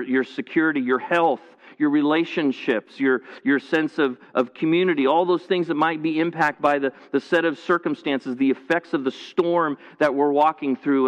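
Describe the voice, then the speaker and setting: A pastor with a fairly high voice preaches in a conversational, earnest way from a church, streamed to viewers at home. He often restarts and repeats phrases, and the audio sounds dull, recorded in a large hall.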